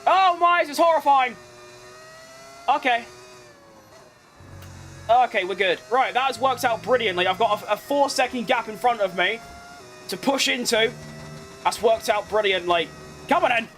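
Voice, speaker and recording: Excitable high-voiced man racing. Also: moderate pace, pauses often, faint music behind. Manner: excitable, exclaims at close moments. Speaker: gaming streamer. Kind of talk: live racing game commentary.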